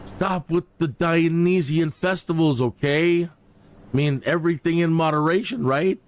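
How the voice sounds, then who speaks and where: A man voicing an exasperated young king who scolds unruly subjects, raising his pitch as he chides them. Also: unhurried, dry recording, lightly acted. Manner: scolding, incredulous.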